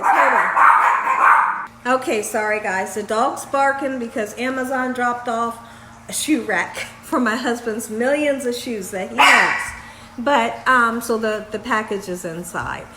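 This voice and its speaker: A woman telling a story on her home vlog in a lively, laughing way. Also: a little high. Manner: animated, laughs while telling. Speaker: vlogger. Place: home kitchen. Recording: echoey room, faint background noise.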